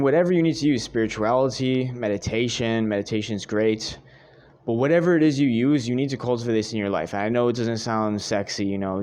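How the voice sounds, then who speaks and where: A man's voice: medium pitch, a little mellow. A young man giving earnest dating advice straight to his viewers, repeating his points and calling them guys. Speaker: dating coach. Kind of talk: direct-to-camera advice monologue.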